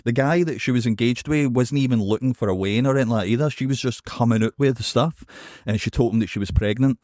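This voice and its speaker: A man with a Scottish accent co-hosting a podcast, telling a story in an animated, sweary way and checking in with "right?". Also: mid-range voice, fast talker, no room sound, clean studio sound. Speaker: podcast co-host. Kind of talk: casual chat.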